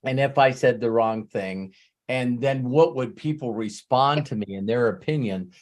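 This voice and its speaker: A man's voice: mid-range voice, moderate pace. Male host, casual coach, repeats words, gets emotional, curses freely. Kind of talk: casual live Q&A storytelling.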